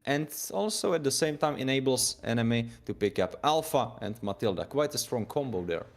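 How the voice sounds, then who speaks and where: A male caster giving live play-by-play on an esports draft. His pitch sits mid-range, and he talks in an earnest, jokey way with loose grammar, like someone on a headset mic. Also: animated, a little fast.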